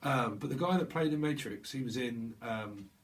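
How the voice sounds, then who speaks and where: A man's voice: medium pitch, moderate pace. A man giving a casual tarot reading on camera, rambling and playing with words. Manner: rambling, playful wordplay, laughs often. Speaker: tarot reader.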